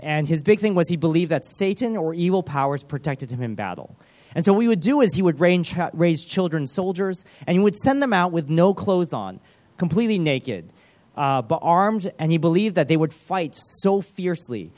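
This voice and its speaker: Earnest man preaching, slightly high voice. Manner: earnest, lively retelling with frequent fillers. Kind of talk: sermon storytelling.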